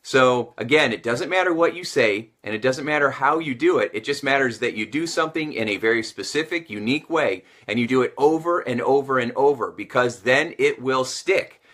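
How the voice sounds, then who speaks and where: A male sales and communication coach speaks straight to camera with a bright, forceful tone. He teaches in an energetic, motivational style and leans on repetition to stress his points. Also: medium pitch, a little fast, hardly any pauses. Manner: energetic, repeats phrases for emphasis.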